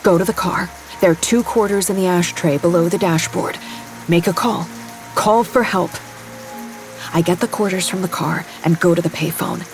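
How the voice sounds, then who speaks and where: A young woman narrating her own story in first person in an audio drama, quiet and haunted, in an inner monologue. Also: on the low side, normal speed, soft background music. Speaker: narrator and lead character.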